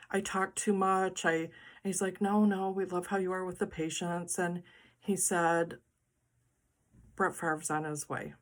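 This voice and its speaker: A middle-aged woman, the host, telling a personal story in a casual, animated and dramatic way. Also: fairly low pitch.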